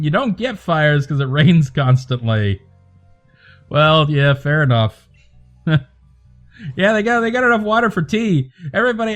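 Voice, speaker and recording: A man hosting a livestream, chatting casually to viewers in a calm, soothing voice and rambling from joke to joke. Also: on the high side. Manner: rambling, joking, talks to chat by name. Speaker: livestream host.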